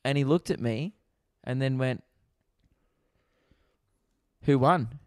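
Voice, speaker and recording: A young Australian man in casual podcast chat, spinning jokey anecdotes and breaking into laughter. His voice sits at a middling pitch, recorded dry and close with no room sound around it. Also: slow pace, clear, resonant tone, dry recording. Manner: jokey storyteller, laughing often. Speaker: podcast host. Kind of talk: casual chat over video call. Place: at home, remote. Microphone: video call.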